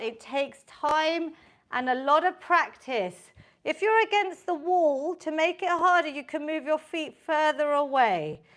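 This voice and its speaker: A fitness instructor with a high, slightly bright voice leads a live online workout class. She encourages her group and counts the reps out loud.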